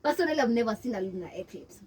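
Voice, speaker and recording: A young Kenyan woman with a Kenyan accent, telling her story in an interview and mixing English and Swahili in an animated way. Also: a little high, rapid-fire, breathy edge, recorded from a distance. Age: young adult. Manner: switches between English and Swahili, animated, laughs often. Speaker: interview guest.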